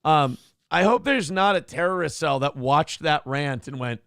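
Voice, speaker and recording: A man's voice: fairly high pitch, expressive, moderate pace, fairly bright tone, smooth, no echo, studio quality. A man hosting a morning talk show, ranting in a casual, profane, exasperated way.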